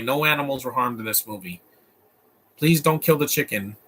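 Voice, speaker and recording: A man's voice: medium pitch, moderate pace, a bit bright, breathy edge. A man giving casual, opinionated live commentary while watching a movie, rambling through asides and restarts.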